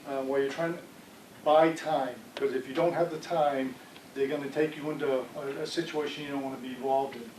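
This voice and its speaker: A man's voice: mid-range voice, steady tone, a little fast, darkish tone, a little hiss or hum. Man giving a talk in an echoey room. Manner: conversational, asks audience "right?" often. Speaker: fraud prevention speaker. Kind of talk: community presentation. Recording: echoey room, speaker far from mic.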